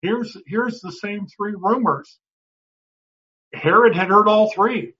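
A man's voice: sits high, slow pace, sharp tone. A man teaching a Bible class in a conversational way, often restarting words and putting questions to the class. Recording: dull lo-fi recording.

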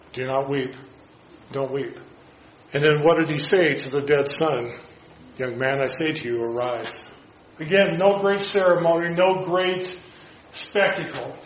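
A man preaching a sermon in a halting way, with restarts and rhetorical questions. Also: fairly high pitch, reverberant, lo-fi sound, slight background noise.

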